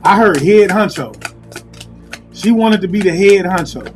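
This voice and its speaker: A man with a high-pitched voice gives a casual tarot reading, musing aloud and repeating himself as he calls on spirit. Soft music plays faintly behind him. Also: animated, a little slow. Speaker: tarot reader.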